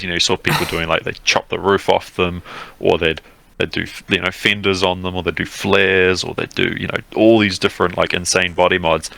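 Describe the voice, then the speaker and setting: Male co-host, deep gravelly voice, rambling casual chat. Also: sharp tone, no echo, rough recording. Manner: rambling, lots of fillers and restarts. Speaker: podcast co-host.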